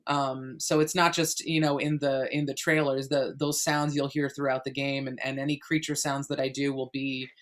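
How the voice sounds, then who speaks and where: A woman's voice: rumbling low, flat delivery, normal speed, hardly any pauses. A woman from the United States, a voice actor answering interview questions in a chatty, explanatory way with many fillers and restarts. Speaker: guest voice actor.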